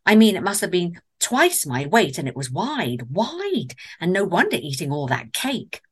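Animated English woman telling a comic story. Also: lowish voice, normal speed, slightly rough. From England. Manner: animated, theatrical, wry asides.

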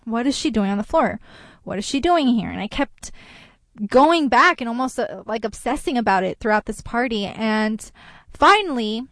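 A woman recounts a personal story slowly and earnestly, her voice sitting a little high. She pauses and restarts as she reflects. The sound is dry and close. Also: fairly bright tone, dry recording.

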